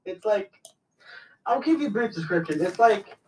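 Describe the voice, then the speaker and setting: Young man, podcast co-host, teasing banter, lively swooping voice, sits back from the mic. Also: high voice, normal speed, roomy sound, distant mic, a little hiss or hum, low-quality recording. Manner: teasing, jokey interjections.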